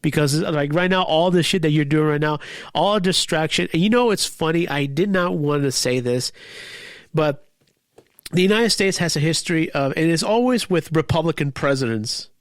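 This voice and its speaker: A man hosts his own show and launches into a heated, profane political rant, stumbling over his words as he goes. His voice sits somewhat high for a man. The sound is dry and close, with no room echo. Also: moderate pace. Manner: profane, heated, rambling with restarts. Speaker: podcast host.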